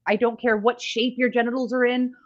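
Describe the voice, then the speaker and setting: A woman's voice: a little high, level tone, lo-fi sound. Laughing woman podcast co-host. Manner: candid and laughing, with quick reactions. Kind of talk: casual chat.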